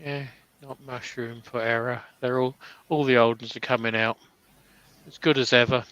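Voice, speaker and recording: Male stream host, crisp and bright, punny and casual, muffled lo-fi sound. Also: mid-range voice, steady tone, moderate pace, no room sound. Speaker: livestream host. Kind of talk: casual woodturning livestream chat.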